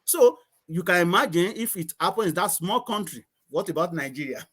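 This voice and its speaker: Antiguan man, high-pitched, rambling anecdotal guest on a call. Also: lively intonation, brisk, a bit bright. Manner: storytelling, repeats words, laughs often. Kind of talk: casual chat.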